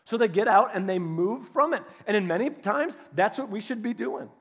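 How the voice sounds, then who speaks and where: High-voiced preacher telling stories animatedly. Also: male voice, moderate pace, breathy edge. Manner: animated storytelling, acts out voices of biblical figures. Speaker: pastor. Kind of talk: sermon.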